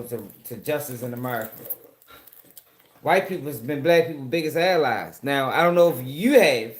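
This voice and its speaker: A man's voice: fairly high pitch, echoey room, a little hiss or hum. Profane Baltimore man talking to his chat. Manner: profane, talks back to chat comments. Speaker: commentary show host. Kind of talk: casual live-stream commentary.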